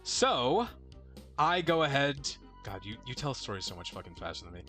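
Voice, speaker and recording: A man's voice: medium pitch, sing-song, moderate pace, sharp tone, soft background music. A young man casually telling a long story while gaming, rambling and swearing, often cutting himself off mid-sentence. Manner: rambling, profane, self-interrupting. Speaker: let's play co-host.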